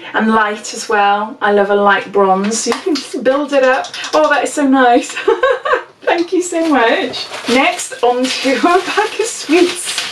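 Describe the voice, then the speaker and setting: A woman's voice: high-pitched, distant mic, a little hiss or hum. A woman in her forties, a beauty vlogger chatting casually while unboxing, gushing and exclamatory with frequent laughs. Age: 40s. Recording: echoey room, mic set back.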